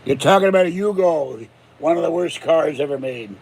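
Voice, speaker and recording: Gravelly guy rambling jokey on his vlog, slightly high voice. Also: normal speed. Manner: rambling, jokey, breaks into growled pirate shouts. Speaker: channel host.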